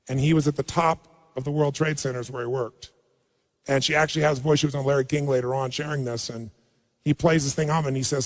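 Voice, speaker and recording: A middle-aged man giving a motivational seminar talk to a live audience, telling stories softly and then building to loud rallying calls. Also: fairly even intonation, quick pace. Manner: storytelling, drops low and soft for emotional quotes, then rises to loud rallying. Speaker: motivational speaker. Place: large hall with live audience. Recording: long hall reverb.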